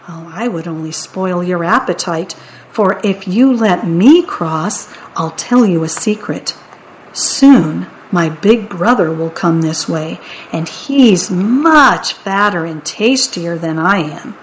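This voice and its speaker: A woman's voice: lowish voice, lively intonation, slow, a little hiss or hum, low-quality recording. A woman voicing a clever young billy goat in a picture book read-aloud, talking in a coaxing, persuasive way.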